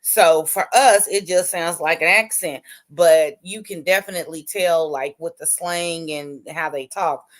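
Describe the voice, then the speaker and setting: A woman's voice: fairly low pitch, a little slow, few pauses. A woman co-hosting a casual TV recap chat, talkative and prone to long explanations. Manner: chatty, explains at length. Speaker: podcast co-host.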